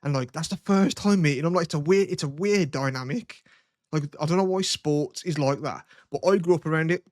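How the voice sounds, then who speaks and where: Young man, podcast host, fairly high voice, rambling crude stories, dry close sound. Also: fairly quick, darkish tone, dry recording. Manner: rambling storytelling, swears a lot. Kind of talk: crude casual chat.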